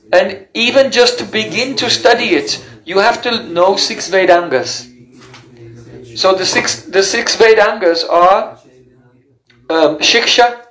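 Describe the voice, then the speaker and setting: A man with a fairly high voice gives a spiritual lecture, explaining terms carefully and pausing on "uh" and "um" as he searches for words. His voice rings in an echoey room. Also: fairly bright tone. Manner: explanatory, with fillers and self-corrections. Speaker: teacher of scripture.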